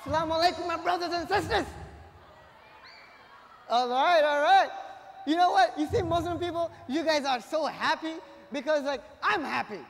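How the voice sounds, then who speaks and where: High-voiced young man doing stand-up. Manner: punchy, energetic delivery with bursts of shouting. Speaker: stand-up comedian. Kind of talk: stand-up comedy set. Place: live comedy stage before an audience. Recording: long hall reverb.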